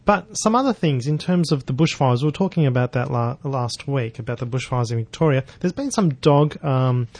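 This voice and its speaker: A man's voice: mid-range voice, animated, moderate pace, hardly any pauses, darkish tone. A man co-hosting a radio pet show, interviewing a guest and reading out event notices in a friendly way. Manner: friendly, short acknowledgements, reads out notices. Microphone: studio microphone.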